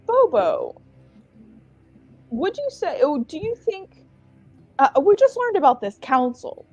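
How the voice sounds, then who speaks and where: A woman's voice: high voice, wildly swooping pitch, slow pace, a little mellow, soft background music. A woman playing a tabletop game in character, playful and teasing. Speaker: player.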